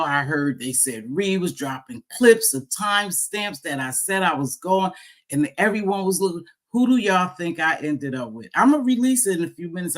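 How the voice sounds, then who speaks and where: Woman hosting a teasing live chat. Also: sits low. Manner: playful teasing, exclaiming to viewers. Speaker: livestream host.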